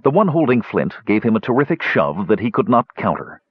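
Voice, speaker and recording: A man reading an audiobook in steady, measured scripted narration. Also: fairly low pitch, breathy edge, dry recording, narrow, tinny audio.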